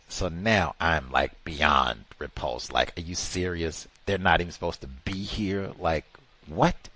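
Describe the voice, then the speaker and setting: A man's voice: deep voice, a little slow, pushed and bright, no room sound. A man hosting a talk show, telling a rambling, exasperated anecdote in casual chat. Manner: rambling, exasperated storytelling with many "like" fillers.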